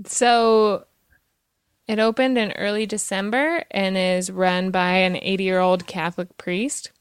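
A woman hosts a podcast in relaxed, chatty conversation, laughing often and filling pauses with "um" and "like". Her voice is smooth and clear at a middle pitch. The sound is dry and close. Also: no echo. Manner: chatty, giggly, many fillers. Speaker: podcast host. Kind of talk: casual chat.

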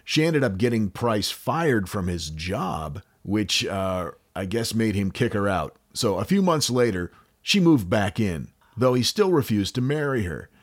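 A man's voice: on the low side, measured pace. A man with an American accent, hosting a podcast and casually retelling a true-crime case with jokes and fillers. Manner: relaxed, joking, with frequent fillers. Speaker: podcast host.

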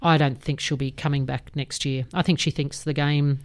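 A woman's voice: deep voice, little pitch movement, moderate pace. Woman making blunt footy calls. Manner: blunt, frank verdicts with a laugh. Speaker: podcast co-host. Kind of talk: casual sports chat.

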